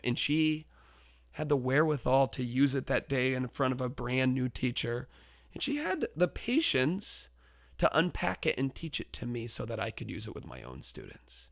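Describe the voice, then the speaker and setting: A man hosting a podcast, telling a story from his teaching days in an animated way and acting out his own shouts and pleas. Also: medium pitch, no echo, studio quality. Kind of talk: storytelling monologue.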